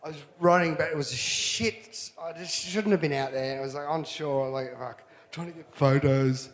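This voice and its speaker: Man, slightly higher voice, casual storytelling, profane, animated, laughs. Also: moderate pace, long reverb tail. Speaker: surfer telling a story.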